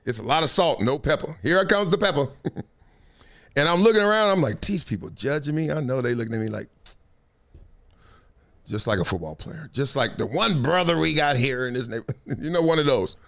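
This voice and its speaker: A male host telling a story on a live stream, animated and slangy, laughing often. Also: mid-range voice, fairly quick, creaky, long pauses.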